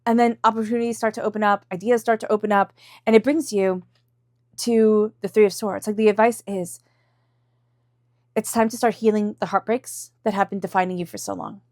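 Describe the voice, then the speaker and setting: A woman talks through a tarot reading in a chatty, reassuring way, slipping into quick quoted voices and laughing often. Her pitch sits in a middle range. The sound is dry and close, with no room around it. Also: fairly even intonation, a little mellow, dry recording. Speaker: tarot reader. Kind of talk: casual tarot reading to camera.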